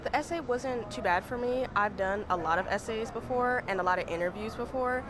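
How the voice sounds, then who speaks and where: A woman's voice: on the high side, fairly quick, crowd noise. A teenage girl golfer answering interview questions politely and earnestly, outdoors at a golf course. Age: teens. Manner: polite, earnest, says sir. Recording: noisy outdoor field audio.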